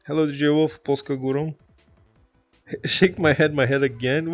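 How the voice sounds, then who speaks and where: A man's voice: on the high side, steady tone, measured pace, no room sound, soft background music. A man from Toronto with a Canadian accent, chatting casually on a live stream, reading chat aloud, rambling and laughing often.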